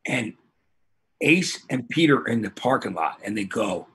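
Male podcast host, husky timbre, animated pitch, profane rambling storyteller. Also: moderate pace. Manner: excitable, profane, rambling anecdotes.

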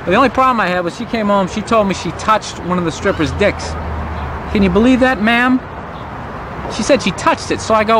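A man tells a stand-up story in a mocking, incredulous tone. His voice is pitched high for a man, with clear noise behind it. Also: quick pace. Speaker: comedian. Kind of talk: stand-up performance.

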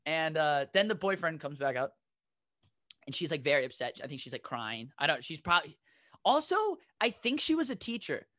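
A man's voice: fairly high pitch, big pitch swings, fairly quick, pushed and bright, dry recording, clean studio sound. A man co-hosting a comedy podcast, telling a rambling anecdote and laughing as he goes. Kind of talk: casual storytelling.

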